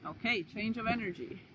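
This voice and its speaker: A woman's voice: mid-range voice, lo-fi sound, noisy background. A woman giving a casual tarot reading to her viewers, chatty and slangy, with playful asides. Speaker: tarot reader.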